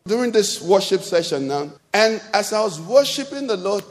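A pastor with a Nigerian English accent preaches in a high, bright voice. His sermon is chatty and full of questions thrown to the congregation. The sound rings with a long reverb tail from a large church hall. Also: very animated, moderate pace.

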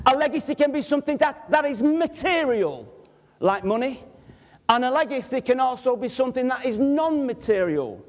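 A Manchester man preaching in a very high, lively voice that leaps up and down, joking with his listeners and speaking to them directly. The sound is dull and lo-fi, with a long reverb from the large hall around him. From Manchester, England. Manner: animated, humorous, addresses the audience directly. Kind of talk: sermon with personal storytelling.

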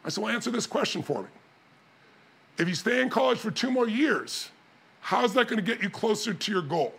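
A middle-aged man with a gravelly, husky voice tells a story to an audience. His delivery is animated, rising and falling widely as he acts out the dialogue and laughs along. His pitch sits high for a man. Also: brisk. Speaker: motivational speaker.

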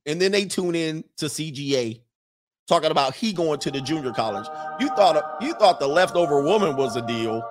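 A man's voice: on the high side, lively intonation, moderate pace, faint music behind. A man hosting a casual livestream, teasing and boastful in tone, who laughs often as he talks. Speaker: YouTube livestream host.

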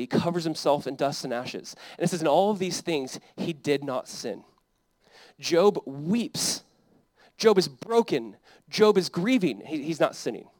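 A man's voice: fairly high pitch, dry recording. A young adult man, a pastor, preaching a sermon in an earnest, conversational way that builds to emphatic peaks.

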